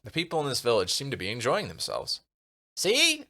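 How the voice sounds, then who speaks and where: A man's voice: medium pitch, very animated, fast, vocal fry, sharp tone. A male streamer reading a gamebook aloud and muttering asides to himself as he decides what to do. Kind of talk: casual narration while playing a gamebook.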